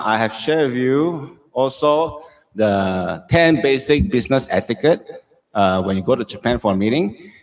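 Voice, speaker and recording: A middle-aged man with a Singaporean English accent, teaching a live-streamed Japanese lesson, repeating phrases and checking in with "okay?" often. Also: medium pitch.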